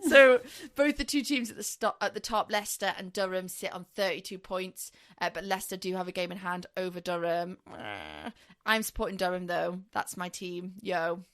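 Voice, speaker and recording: A woman's voice: on the low side, lively intonation, moderate pace, a bit bright. A young woman from northeast England, co-hosting a women's football podcast in a chatty, playful way. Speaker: podcast co-host. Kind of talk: casual sports chat.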